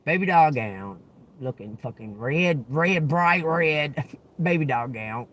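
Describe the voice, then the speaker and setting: A man hosting a live stream, telling a story to viewers in a profane, animated way and acting out the voices. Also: fairly high pitch, takes it slowly. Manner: animated, profane, laughs often, acts out voices.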